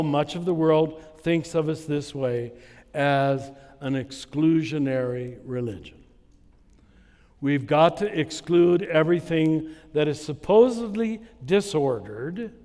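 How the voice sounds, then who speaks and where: A man giving a spiritual conference talk to a live audience. He tells stories at an unhurried pace and chuckles at his own anecdotes. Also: fairly high pitch, a little mellow, big-room sound. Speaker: conference speaker. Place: large hall with a live audience.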